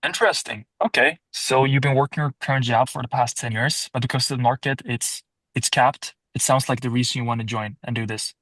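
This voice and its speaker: A man playing a salesperson in a sales roleplay, calmly asking questions and restating the answers. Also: mid-range voice, a little fast, hardly any pauses, no room sound, poor audio.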